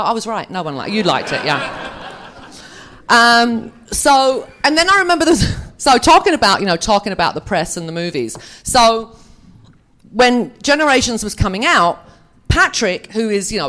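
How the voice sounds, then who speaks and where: An actress on a fan convention panel tells chatty, self-mocking anecdotes to a live audience. Her voice sits at a medium pitch with a slightly bright quality.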